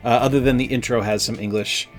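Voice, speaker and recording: Guy rambling happily about a game, lots of "like"s, avg pitch, quiet guitar in the back. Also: fairly even intonation, fast talker. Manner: enthusiastic, rambling with many fillers. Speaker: co-host game reviewer. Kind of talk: casual review chat.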